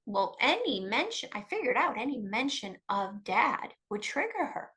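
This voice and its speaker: A middle-aged woman, a guest expert in an interview, giving coparenting advice in an emphatic, fast-flowing way with frequent restarts. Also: on the high side, big pitch swings, sharp tone, poor audio.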